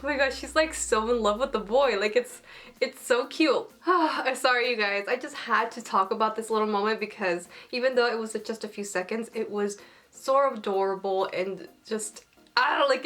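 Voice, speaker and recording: A woman's voice: on the high side, fairly bright tone. A woman chatting casually as an anime reviewer, bubbly and gushing, full of filler words. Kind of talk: casual chat.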